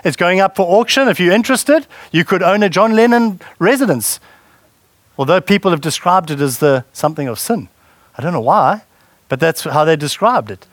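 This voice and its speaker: Man preaching, fairly high voice. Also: animated, normal speed, dry recording. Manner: conversational preaching, asks the congregation questions. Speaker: pastor. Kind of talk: sermon.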